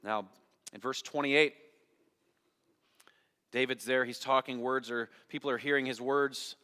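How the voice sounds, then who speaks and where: This pastor's medium-pitched voice is smooth, pushed and bright, with fairly even intonation and an unhurried pace. Preaching in a church sanctuary, he dramatically tells a Bible story, acting out its voices and questioning the congregation, and the recording has the long hall reverb of a church.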